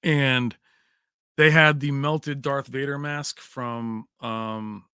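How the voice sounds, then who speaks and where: A man's voice: mid-range voice, steady tone, very slow, bright, forceful tone, smooth, dry recording, studio quality. A man hosting a tech livestream in a casual, chummy way, chatting with viewers and calling them baby. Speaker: tech channel host.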